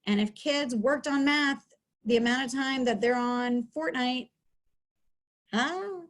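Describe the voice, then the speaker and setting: A woman's voice: sits high, slow pace. A middle-aged woman, a school counselor, giving an upbeat, chatty webinar lesson from home over a video call, with many fillers. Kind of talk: webinar teaching talk.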